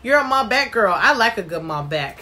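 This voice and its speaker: Bubbly, bright-voiced woman hosting a livestream. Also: medium pitch, very animated, a little fast. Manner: bubbly, chatty, greets viewers by name. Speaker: livestream host. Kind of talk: casual live-stream chat reading viewer comments.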